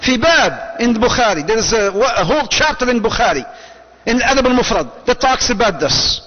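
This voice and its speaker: Preacher guy, high-ish voice, lively, acts stuff out, echoey hall. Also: brisk. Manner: animated, acts out little scenes with sudden loud lines. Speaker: Islamic preacher. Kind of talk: lecture to an audience. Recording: muffled recording in a large echoing hall.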